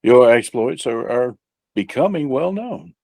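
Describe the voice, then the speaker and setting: A man as a charming negotiator, all smiles and earnestness, who speaks in formal, courteous phrases with a lively, rising and falling pitch. The sound is dry and close. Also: a little slow, gravelly, dry recording. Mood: earnest. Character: smooth-talking male negotiator, polite and earnest.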